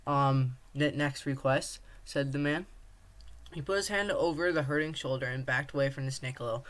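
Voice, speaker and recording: A man's voice: medium pitch, normal speed, a bit bright. A man reading a long story aloud in a casual manner, with small slips and restarts. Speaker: story reader. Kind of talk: casual read-aloud narration.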